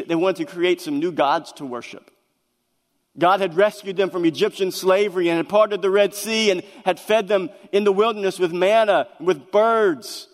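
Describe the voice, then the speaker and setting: A man preaching a sermon to his congregation, earnest and emphatic, often stumbling and restarting his words. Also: high-pitched. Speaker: pastor. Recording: long reverb of a large hall.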